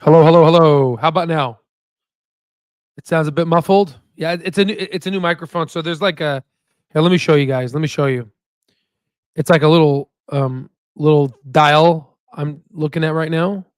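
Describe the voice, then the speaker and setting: Guy hosting his own stock channel, kinda high voice, loose and chatty, laughs a lot. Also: moderate pace, smooth, no room sound, clean studio sound. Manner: chatty, repeats himself, laughs easily. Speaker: stock investing channel host. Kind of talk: casual livestream chat. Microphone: new desk microphone.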